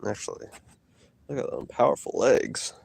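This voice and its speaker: A man streaming from an outdoor hike, trash-talking his chat in a boastful, mocking way with loud teasing outbursts. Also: medium pitch, moderate pace, creaky, slightly rough. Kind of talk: casual trash talk to chat while hiking.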